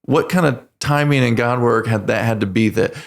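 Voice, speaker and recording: A man in his forties, a veteran guest on a podcast, telling his story in earnest, halting speech with many restarts. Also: mid-range voice, gravelly. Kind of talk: casual storytelling interview.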